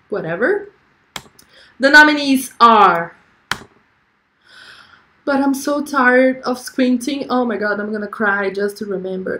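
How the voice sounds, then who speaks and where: Hosting a laid-back livestream, this young woman gushes as she talks and reads out comments from viewers. Her medium-pitched voice is fairly bright, recorded in an echoey room.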